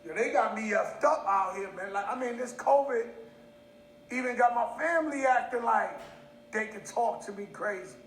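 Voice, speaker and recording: A man's voice: very high-pitched, moderate pace, far from the mic, slight background noise. A man hosting a casual live stream from home, telling boisterous stories. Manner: boisterous, animated storytelling. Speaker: host. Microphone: phone. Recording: echoey room, voice off-mic.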